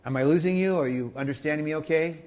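A man preaching a sermon in a conversational teaching style. He checks in with his listeners and swings between loud, emphatic stress and soft, quiet asides. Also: a little high, fast talker. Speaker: pastor.

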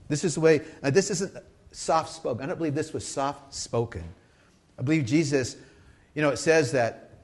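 A man preaching a sermon in a conversational teaching style. He checks in with his listeners and swings between loud, emphatic stress and soft, quiet asides. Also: mid-range voice. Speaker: pastor.

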